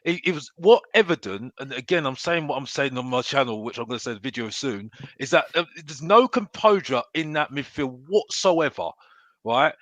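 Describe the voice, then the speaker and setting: A man's voice: mid-range voice, lively intonation, moderate pace, fairly bright tone, no room sound. A man hosting a live football fan chat, ranting heatedly and stumbling over restarts as he vents. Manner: fired-up ranting with many restarts. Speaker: host.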